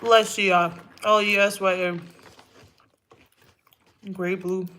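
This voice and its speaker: Bright-voiced woman chatting with livestream viewers. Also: mid-range voice, level tone, slow pace. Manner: chatty, laughs often, scattered trailing asides. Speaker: livestream host. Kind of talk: casual livestream chat, answering viewer comments.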